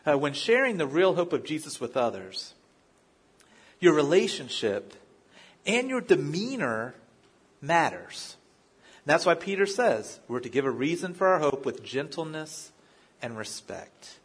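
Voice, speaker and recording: A male pastor preaching a sermon with a slightly husky voice. He speaks in a conversational style, telling personal stories. He often restarts his phrases as he goes. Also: a little high, big pitch swings, unhurried. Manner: conversational, story-driven preaching with frequent restarts.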